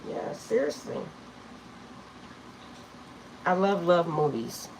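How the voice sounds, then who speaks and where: Low-voiced chatty middle-aged woman. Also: expressive, takes it slowly, vocal fry, background noise. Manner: rambling, chatty, laughs often. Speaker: tarot reader. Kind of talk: casual storytelling to viewers.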